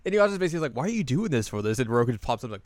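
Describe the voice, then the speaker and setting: A man co-hosting a casual chat, recapping a cartoon episode and acting out the characters' lines in quick put-on voices. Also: medium pitch, big pitch swings, dry recording, studio quality. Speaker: podcast co-host.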